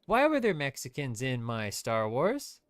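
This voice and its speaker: A man's voice: medium pitch, wildly swooping pitch, measured pace, clear, resonant tone. A man streaming gameplay, ranting with strong opinions in loose, rambling commentary. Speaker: VTuber streamer.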